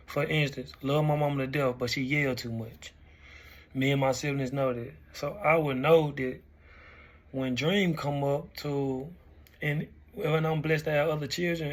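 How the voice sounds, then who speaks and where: A young man in his twenties, hosting a weekly talk segment and reflecting in a relaxed, conversational way. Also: mid-range voice. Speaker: host. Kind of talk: casual talk-show commentary.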